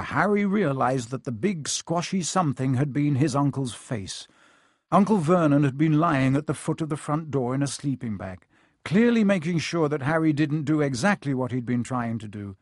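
A man narrating a story in a measured, expressive storytelling manner. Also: fairly high pitch, breathy edge, no echo, clean studio sound. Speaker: audiobook narrator.

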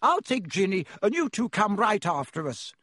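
A man putting on a brisk, fussing wizard mum. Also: high voice, big pitch swings, fairly bright tone, no echo, studio quality, pitched above the performer's own voice, heavily acted. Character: bustling, nervous wizard mother.

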